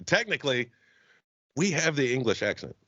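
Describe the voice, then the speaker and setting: A man co-hosting a podcast in casual chat, loud and laughing, swearing a lot. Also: mid-range voice, sing-song, normal speed, dry recording. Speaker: podcast co-host. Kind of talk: casual profane banter. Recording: dull lo-fi dry recording.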